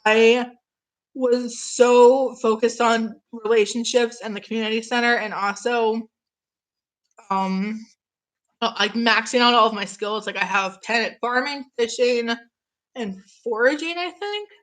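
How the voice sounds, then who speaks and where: Young woman on a livestream, kinda high voice, still a bit sick, gushing nonstop. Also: a little slow, fairly bright tone. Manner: gushing, chatty, reads out chat comments. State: getting over an illness, coughing. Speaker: streamer. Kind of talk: casual live-stream chat.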